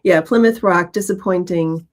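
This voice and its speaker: Woman, live-stream co-host and mediumship teacher, low-pitched, breezy and laughing. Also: moderate pace. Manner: light, laughing asides. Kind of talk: casual live-stream chat.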